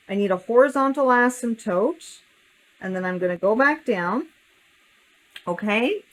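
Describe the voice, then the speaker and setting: A woman's voice: medium pitch, a bit bright, rough recording. A woman teaching a calculus lesson step by step, thinking aloud and correcting herself as she draws a graph. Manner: thinking aloud while drawing, self-correcting. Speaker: math teacher.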